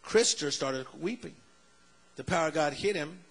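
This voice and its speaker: A male preacher telling a story in a sermon, animated and acting out the people in it. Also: fairly high pitch, normal speed.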